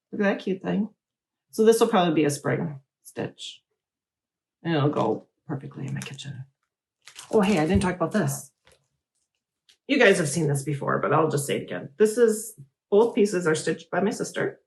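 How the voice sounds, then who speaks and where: A middle-aged woman hosts a relaxed crafting chat. She rambles from one thing to the next in an animated, friendly way. Her voice sits slightly low for a woman. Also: normal speed, long pauses, slight background noise. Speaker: host. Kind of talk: casual chat.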